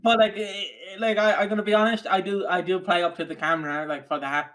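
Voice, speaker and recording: A man from Ireland co-hosting a podcast, joking and mocking himself in halting, stop-start casual chat. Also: sits high, fairly even intonation, a bit bright. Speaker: podcast co-host.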